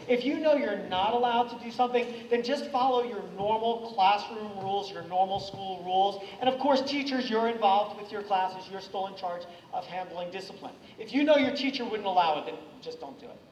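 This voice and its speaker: A man giving an energetic anti-bullying talk to students at a school, getting the audience to repeat lines after him. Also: sits high, a little hiss or hum. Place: school hall or classroom. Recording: echoey hall from far off.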